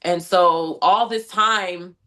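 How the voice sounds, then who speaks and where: A young adult woman from the United States, an interview guest who tells her story in an animated way and keeps quoting her own thoughts. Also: on the low side, slow pace. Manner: animated storytelling, frequent "like" and quoted inner thoughts. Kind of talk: conversational interview recounting an incident.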